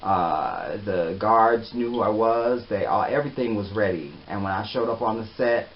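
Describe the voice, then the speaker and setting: A man telling a personal story in a casual, animated way, often trailing off softly. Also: on the low side, normal speed. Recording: slightly dull with faint hiss.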